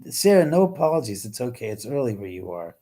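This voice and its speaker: A middle-aged man with a mid-range voice and quick pace hosts a live stream, chatting casually with viewers and reading their comments. He's animated, swears a lot and often trails off and restarts.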